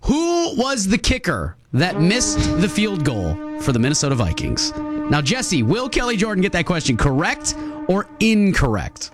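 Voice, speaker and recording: A man's voice: sits high, huge pitch swings, normal speed, music in the background. Dry, teasing radio co-host man. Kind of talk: casual radio banter. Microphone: studio headphones and mic.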